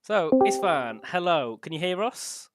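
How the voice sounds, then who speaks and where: A man's voice: on the high side, animated, unhurried, loud music behind the voice. A young man co-commentating an online racing league, enthusiastic and talking with a sore throat. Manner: enthusiastic, talks the results through steadily.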